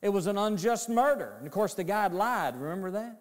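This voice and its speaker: A man's voice: sits high, animated, brisk, long reverb tail. A man preaching a sermon to his congregation, emphatic and repetitive, telling the story dramatically.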